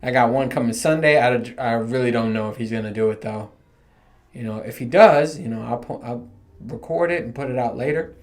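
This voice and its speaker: A man's voice: mid-range voice, a little fast, darkish tone. A man hosting his own podcast, rambling through casual stories with lots of swearing and frequent laughter. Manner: profane, storytelling, laughing often. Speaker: podcast host.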